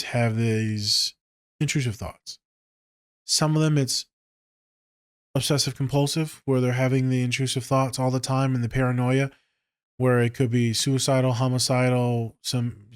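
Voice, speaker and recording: A man with a mid-pitched voice hosts a casual podcast as a therapist. He tells stories loosely and profanely, dropping low for asides and jumping high when he exclaims. The sound is dry, with no room echo. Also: normal speed, clear, resonant tone. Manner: profane, joking, with frequent swearing; animated, jumps between low mutters and high exclaims.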